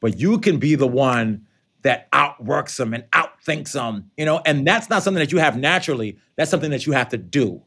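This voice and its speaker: A man, an author and educator, answering interview questions in a lively conversational way, acting out quoted lines. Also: medium pitch, a little fast. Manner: animated, conversational, acts out quotes.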